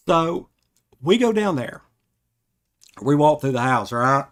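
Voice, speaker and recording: A man hosting a podcast, telling a funny personal story in a rambling, animated way and often correcting himself. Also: fairly high pitch, a little slow, long pauses. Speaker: podcast host. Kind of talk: casual storytelling.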